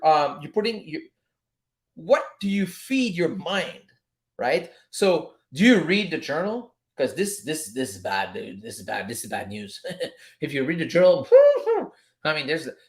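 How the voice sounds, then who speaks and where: A man hosting a casual live stream about trading, talking in an animated, repetitive pep-talk way and swearing freely. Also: a little high.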